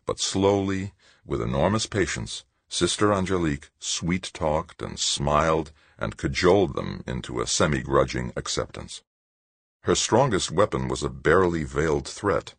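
A man narrating an audiobook in a steady, measured reading. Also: a bass voice, creaky, husky, no room sound. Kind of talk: scripted narration.

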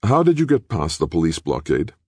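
A man's voice: low-pitched, sing-song, brisk, husky, no echo, studio quality, voice pushed up, full character voice. Growling defiant man, read by a male narrator. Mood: angry. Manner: growling, angry. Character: defiant man facing captors.

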